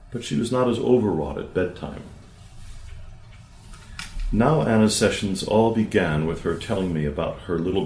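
A man with a deep, low voice reads a therapy case study aloud, calm and measured, acting out the quoted lines of dialogue. His voice rings in an echoey room.

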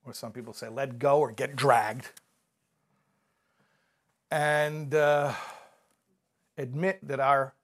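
A man giving a measured, reflective talk about recovery, mixing in stories and jokes. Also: medium pitch. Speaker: recovery speaker.

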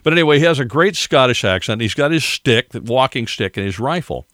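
A man's voice: mid-range voice, lively intonation, a little fast, a bit bright, no room sound, clean studio sound. An older man hosting a podcast, rambling through a casual monologue with chuckling asides. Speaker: podcast host.

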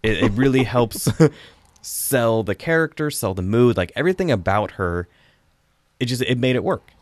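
A man's voice: mid-range voice, expressive, moderate pace, no room sound. A man hosting a casual podcast chat, reviewing a film in a rambling, chatty way with frequent laughs.

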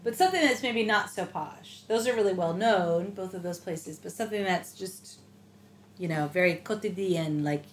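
A woman's voice: on the low side, normal speed. Chatty woman hosting a lesson. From United States. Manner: chatty, asks short prompt questions. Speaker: language lesson host. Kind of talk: casual language lesson. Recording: echoey room with faint noise.

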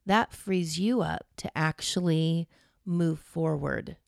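Woman with a low, gravelly voice. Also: a little mellow, dry recording, clean studio sound. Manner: thoughtful, halting, agreeing with short replies. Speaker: podcast co-host. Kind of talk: casual podcast conversation.

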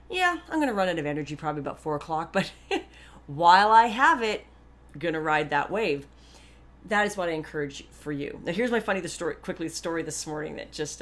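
Podcast host, woman, a touch low in pitch, candid rambling monologue with lots of asides. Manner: chatty, rambling, with many restarts and asides; warmly earnest and grateful.

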